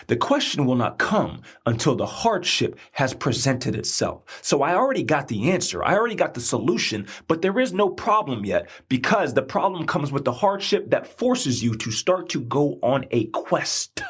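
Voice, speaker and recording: A man's voice: on the high side, normal speed, hardly any pauses, breathy edge. A man hosting a motivational podcast, telling a personal story in a preachy style. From not from Indiana. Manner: preachy, storytelling with animated rises. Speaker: podcast host.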